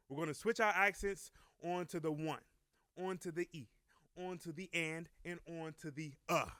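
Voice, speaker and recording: A man giving a relaxed, encouraging drum lesson and counting beats aloud. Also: on the high side, clean tone, no room sound, studio quality. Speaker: drum teacher. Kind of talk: casual instructional talk.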